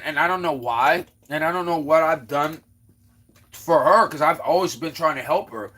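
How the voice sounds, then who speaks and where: Rambling man ranting on a livestream. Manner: rambling, repeats words, quotes others in his own voice; exclaims loudly then trails off low. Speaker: livestream host. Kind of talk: casual ranting monologue.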